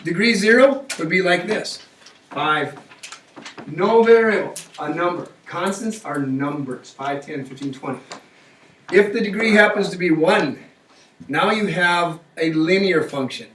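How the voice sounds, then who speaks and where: A man's voice: high-pitched, unhurried, a bit bright, a little hiss or hum. A man teaching a math class, coaxing students along with frequent check-in questions. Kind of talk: classroom lecture. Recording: echoey classroom, mic far off.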